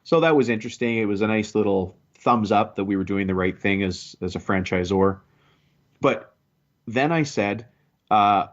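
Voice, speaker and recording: A man in his forties, a business coach, telling his story in a relaxed podcast interview. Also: fairly low pitch, normal speed. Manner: storytelling, conversational with restarts. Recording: dull lo-fi sound.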